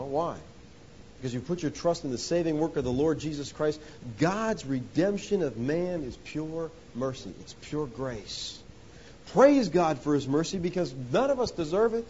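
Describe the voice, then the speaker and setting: A man preaching a sermon, rising to loud emphatic points and dropping to hushed lows, often calling listeners "folks.". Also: animated, normal speed. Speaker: pastor. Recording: dull lo-fi sound with faint hiss.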